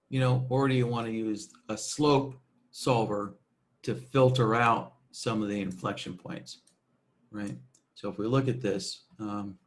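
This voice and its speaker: A man presenting a screen-recorded software tutorial, talking casually with many fillers and checking "right?" as he goes. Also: mid-range voice.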